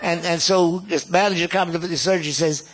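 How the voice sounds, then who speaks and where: A husky old man in his nineties who spins long anecdotes, stumbling over and repeating words as he goes. His voice sits a touch high and sounds a little worn and breathy. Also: fairly even intonation, a little fast. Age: 90s. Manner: rambling, repeats words, chuckles at his own tales. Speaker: guest musician. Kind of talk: storytelling reminiscence.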